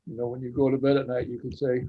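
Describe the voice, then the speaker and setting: Male talk show host, breathy and a little muffled, interviewing a guest over a video call. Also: medium pitch, little pitch movement, fast. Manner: admiring, rambling with restarts.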